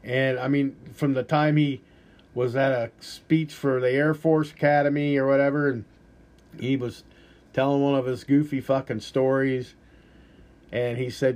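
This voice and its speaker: A man's voice: mid-range voice, flat delivery, unhurried, a little mellow. A man hosting a podcast, giving rambling, profane, blunt political commentary in a casual way. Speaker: podcast host.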